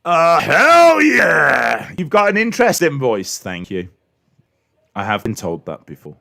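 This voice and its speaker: A man hosting a live reaction stream, excitably commenting and answering chat questions, his microphone clipping when he gets loud. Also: fairly low pitch, moderate pace. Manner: excitable, hums entrance themes, answers chat. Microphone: desk microphone that clips when loud.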